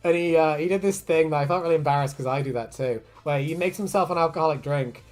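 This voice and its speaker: A woman's voice: sits low, quick pace, darkish tone. A woman streaming her art, chatting casually, swearing freely and laughing a lot as she rambles through stories. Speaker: artist streamer.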